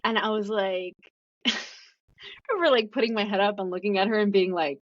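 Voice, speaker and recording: A woman's voice: medium pitch, fairly quick, dry recording. Chatty woman guest, dull dry recording. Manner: chatty, full of "like" fillers and quoted dialogue. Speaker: podcast guest. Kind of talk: casual storytelling in an interview.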